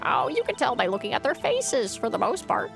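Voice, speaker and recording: A woman voicing a nosy, gossipy old woman security guard with a creaky voice. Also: on the high side, wildly swooping pitch, a little fast, over music, heavily acted.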